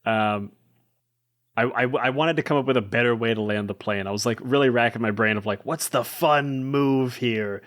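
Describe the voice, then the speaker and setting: A man's voice: medium pitch, steady tone, fairly quick, fairly bright tone. A man appearing as a guest player, talking over the game in casual chat, hesitant, with stammering restarts.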